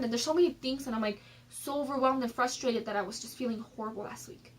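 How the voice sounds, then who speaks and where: A woman's voice: fairly high pitch, quick pace, breathy edge, poor audio. A woman vlogger giving personal development advice in a candid, chatty way, filling her talk with "like" and "um", recorded on a phone. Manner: candid and chatty, many fillers like "like" and "um". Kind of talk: casual advice vlog.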